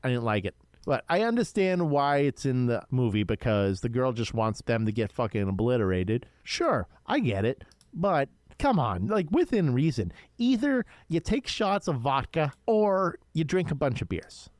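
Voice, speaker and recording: A young man co-hosting a podcast, casually reviewing a horror film with an excitable, profane manner. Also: mid-range voice, moderate pace, hardly any pauses, dry recording. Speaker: podcast co-host.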